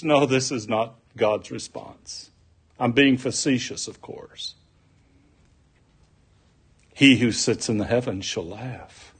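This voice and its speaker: A man preaching a sermon, deliberate and folksy, mixing scripture with homespun stories. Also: a little high, a bit bright.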